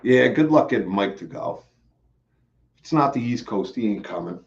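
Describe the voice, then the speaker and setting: A man's voice: fairly low pitch, lively intonation, normal speed, gravelly. A man hosting a live stream, chatting casually and rambling with lots of fillers and restarts, a bit out of breath. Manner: rambling, repeats himself, many fillers. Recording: slightly dull, lo-fi stream audio.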